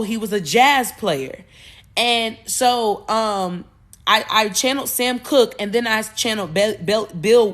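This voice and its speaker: A woman hosting a podcast, talking casually and expressively with rambling asides and sudden loud bursts. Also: mid-range voice. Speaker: podcast host. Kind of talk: casual spiritual talk.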